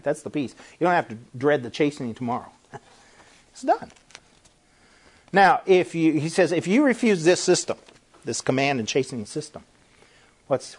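A man's voice: mid-range voice, breathy edge. A man preaching an emphatic sermon-style talk, firing rhetorical questions and repeating phrases as he presses each point.

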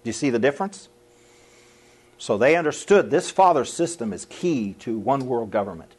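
A middle-aged man preaches in a folksy, conversational way, chuckling at his own remarks and putting on quick voices for quoted people. His husky voice swoops up and down with lively pitch. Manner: folksy and animated, laughing at his own lines and acting out quotes. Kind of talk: sermon to a live audience.

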